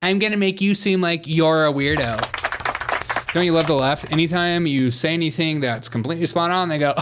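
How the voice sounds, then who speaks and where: A man's voice: on the high side, normal speed, background noise. A man hosting a comedy news show, commenting in a mocking tone and laughing often.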